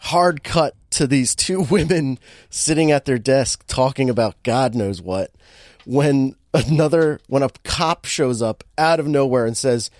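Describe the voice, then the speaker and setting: A man's voice: medium pitch, unhurried, no echo, clean studio sound. A man co-hosting a podcast, recapping a bad movie in casual chat, laughing often as he tells it. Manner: animated storytelling, laughing often, many restarts. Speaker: podcast co-host.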